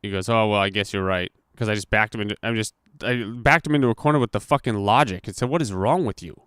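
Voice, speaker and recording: A man's voice: on the low side, quick pace, clean tone, no echo, studio quality. Profane young man telling a story. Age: young adult. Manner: profane, animated retelling with acted-out quotes. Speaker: podcast host. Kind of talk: casual storytelling monologue.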